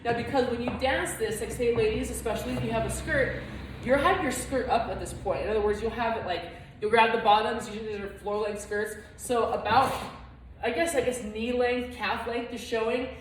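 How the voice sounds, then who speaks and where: A woman's voice: on the high side, a little fast, very echoey, recorded from a distance, a little hiss or hum, rough recording. A woman teaching a flamenco dance class, explaining steps and chanting the rhythms and counts aloud.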